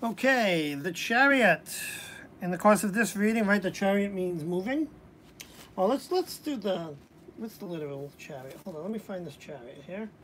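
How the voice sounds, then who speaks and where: A woman's voice: mid-range voice, lively intonation, moderate pace, fairly bright tone. A woman giving a casual live-stream tarot reading, chatty and hesitant, with frequent restarts. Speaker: tarot reader. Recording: faint background noise.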